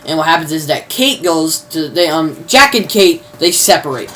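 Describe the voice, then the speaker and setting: A woman's low, animated voice, fairly bright in tone and at normal speed, recaps a TV episode casually. Her talk rambles with fillers, restarts and mild slang, heard through a distant mic with faint background noise.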